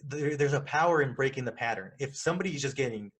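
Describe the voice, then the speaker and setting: Man, husky voice, podcast host, casual chat, animated, persuasive. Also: medium pitch, quick pace. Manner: animated, acts out phone calls in quoted voices; persuasive, repeats points for emphasis.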